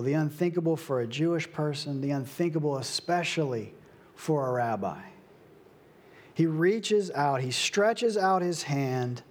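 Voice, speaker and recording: A young adult man preaching a sermon, slow and emphatic, with dramatic pauses. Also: medium pitch. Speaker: pastor.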